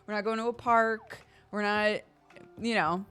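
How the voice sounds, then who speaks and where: A woman livestreamer and mother telling a story about her daughter in a casual, animated way, laughing often. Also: medium pitch, measured pace, smooth, soft background music. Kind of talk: casual storytelling on a live stream.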